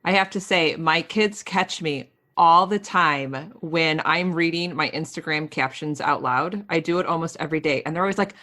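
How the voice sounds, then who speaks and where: A woman who is a mother, hosting a podcast and chatting in a relaxed, conversational way. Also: sits low, normal speed, hardly any pauses. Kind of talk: casual interview chat.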